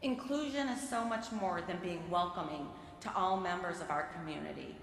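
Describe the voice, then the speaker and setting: A woman giving a sermon from the pulpit of a large synagogue sanctuary, reading prepared remarks in a measured, earnest way. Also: on the low side, creaky, fairly bright tone, slight background noise. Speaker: lay speaker giving a sermon. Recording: very echoey sanctuary with long reverb.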